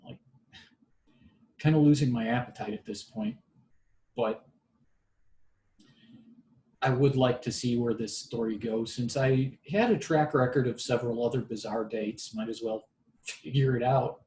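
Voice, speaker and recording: A man's voice: medium pitch, unhurried, long pauses. Wry man telling a story, roomy sound. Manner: wry, deadpan humor. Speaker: podcast storyteller. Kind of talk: casual storytelling monologue. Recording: roomy echo.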